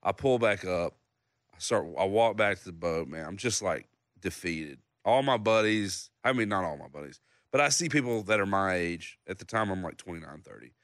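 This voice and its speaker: A songwriter in his thirties telling a story in casual chat, acting out other people's lines in a loud, high voice. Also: normal speed, dry recording, clean studio sound. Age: 30s. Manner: animated storyteller, acts out loud high-pitched quotes of others. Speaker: songwriter guest.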